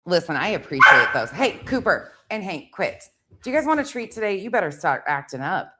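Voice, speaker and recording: A woman's voice: lowish voice, big pitch swings, fairly quick, heavy background noise. A woman hosting her own channel, chatting casually and profanely at home while talking to her dogs. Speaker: channel host. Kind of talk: casual chat.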